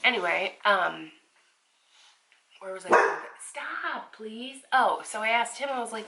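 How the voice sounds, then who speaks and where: Woman, vlogger, casual chat at home, rambling, swears a lot, giggly, bright tense voice. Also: medium pitch, expressive, normal speed.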